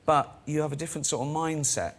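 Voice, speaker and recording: A man's voice: fairly high pitch, quick pace, gravelly. A man sits as a guest on a chat show, spinning self-deprecating anecdotes. He slips into the voices of the people he quotes and laughs at his own punchlines. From England. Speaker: guest comedian and director.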